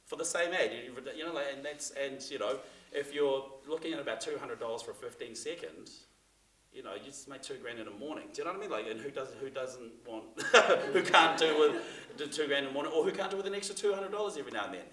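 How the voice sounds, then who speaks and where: A man's voice: mid-range voice, expressive, quick pace, sharp tone. A man giving a casual, chatty talk to a class, full of fillers and restarts. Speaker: seminar presenter. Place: theatre room. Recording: echoey room, mic from far off.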